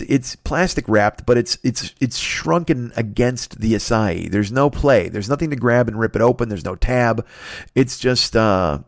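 A man with a mid-range voice hosts a podcast, rambling through a crude story full of profanity. His delivery is casual and animated. The sound is dry and close, with no room around it. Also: mid-range voice, no room sound. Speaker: podcast host.

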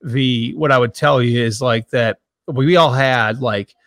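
A man in his thirties, a sports journalist who grew up near Boston, answering interview questions in a halting way with many restarts and fillers. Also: mid-range voice, a bit bright, no echo, clean studio sound. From grew up in the Boston area.

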